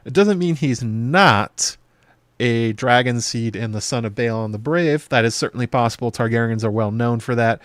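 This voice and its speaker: A man in a mid range of pitch gives a casual, rambling breakdown as a show host. He fills pauses with plenty of fillers and drops into quick playful impressions. His voice sits dry and close, with no room sound around it. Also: no echo. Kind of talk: casual episode breakdown commentary.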